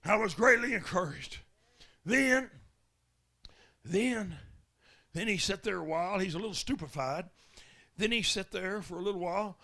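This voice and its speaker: A man preaching at a tent revival, telling a folksy story that builds to shouted commands. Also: high-pitched. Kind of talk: revival sermon testimony.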